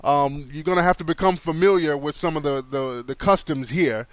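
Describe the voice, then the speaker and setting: A man hosting a call-in radio show, talking casually and giving drawn-out advice with many pauses and ums. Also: fairly high pitch, no echo. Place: studio.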